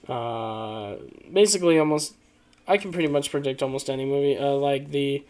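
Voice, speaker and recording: Rambling, joking man. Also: fairly high pitch. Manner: rambling, joking, lots of fillers and laughs. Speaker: video creator. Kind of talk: casual commentary reading online posts.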